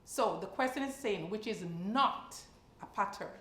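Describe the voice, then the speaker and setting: A woman teacher at a middle pitch talks through a science practice question one step at a time. She keeps asking her listeners short checking questions as she goes. Her voice carries a clear echo from the room. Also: lively intonation, moderate pace, fairly bright tone. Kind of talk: exam practice lesson.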